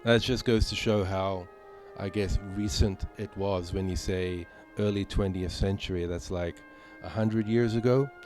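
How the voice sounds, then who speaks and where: A man's voice: low-pitched, steady tone, a little slow, hardly any pauses, a little mellow, faint music behind. A man from Malta chatting casually with viewers while playing a game on a live stream, rambling with many fillers. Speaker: gaming streamer.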